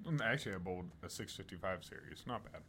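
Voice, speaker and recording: Man co-hosting a podcast, lively bouncing pitch, bright voice, swears and laughs a lot. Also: fast, slightly rough. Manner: animated storyteller, laughs often, swears. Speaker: podcast co-host. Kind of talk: casual chat.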